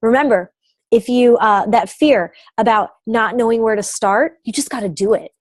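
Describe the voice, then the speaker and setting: A woman's voice: on the high side, normal speed, no echo. A young adult woman coach giving an upbeat, emphatic motivational talk. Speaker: business coach.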